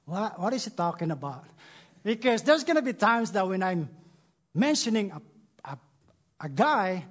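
A man with a Filipino accent speaks to a church congregation, opening his sermon with self-deprecating jokes. His voice sits high and swings widely in pitch, with a husky edge. He sounds animated and laughs at himself often. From Philippines.

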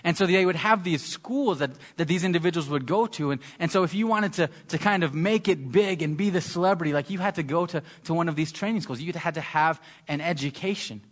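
A male preacher delivers a conversational sermon in a voice pitched a little above the usual for a man. He speaks haltingly, often stumbling over and repeating words as he gathers his thoughts. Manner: halting, repeats words while searching for them.

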